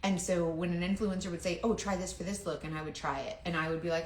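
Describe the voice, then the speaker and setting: Woman, 30s, rambly confiding makeup chat, low voice, echoey room. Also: fairly even intonation, fast talker, few pauses. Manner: rambling, confiding, trails off and restarts. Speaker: makeup seller and vlogger. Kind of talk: casual chat while doing makeup on camera.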